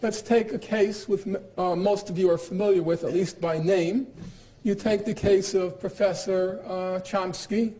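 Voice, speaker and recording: A man in his sixties delivers a public lecture in a high-pitched voice. He speaks emphatically and with dry sarcasm, breaking off often with fillers and restarts. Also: steady tone, measured pace, warm tone, low-quality recording. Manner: emphatic, quotes opponents with sarcasm.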